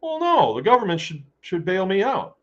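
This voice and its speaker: Brief: man playing a whiny, entitled farmer, pitched way up, dull lo-fi audio. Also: wildly swooping pitch, normal speed, a bit bright, full character voice. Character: whiny adult male farmer begging for a bailout.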